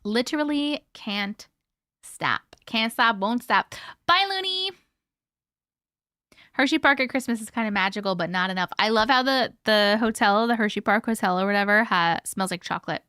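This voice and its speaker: A woman's voice: mid-range voice, normal speed, pushed and bright, smooth, no room sound, studio quality. A woman in her early thirties, from Colorado, hosting a casual livestream and chatting with viewers while sounding tired and sleepy. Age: 30s. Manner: chatty, giggly, reads viewer comments aloud. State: sleepy, yawning. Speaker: live-stream host.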